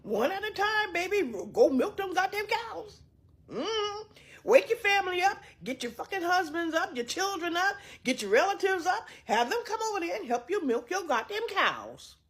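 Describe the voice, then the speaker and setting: A woman delivering an angry, mocking social media rant, profane and loud at times. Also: very high-pitched, sing-song, moderate pace.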